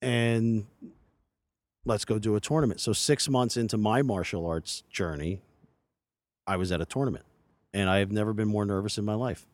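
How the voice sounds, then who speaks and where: Man in his forties, low-pitched, dry close sound, earnest, rambling, casual interview chat outdoors. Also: moderate pace, long pauses, dry recording. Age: 40s. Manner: earnest, rambling with many restarts. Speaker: podcast guest. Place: outdoors at a resort by a lake.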